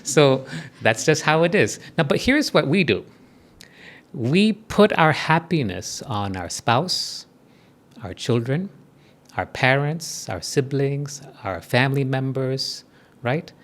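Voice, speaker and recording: A man in his fifties speaks to a live audience in a spiritual talk, his voice sitting at an ordinary middle pitch. He keeps it conversational, tossing quick tag questions to his listeners to keep them with him as he explains each point. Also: animated, fairly bright tone.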